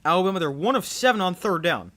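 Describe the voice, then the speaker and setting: A young man giving live play-by-play commentary on a football game, growing excited on big plays. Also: sits high, fast talker. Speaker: play-by-play streamer.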